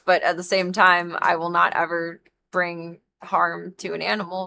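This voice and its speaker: A woman's voice: lowish voice, steady tone, moderate pace, creaky, fairly bright tone. A young woman streamer venting in a casual monologue to her chat, earnest and heated, full of "like" fillers and the odd swear.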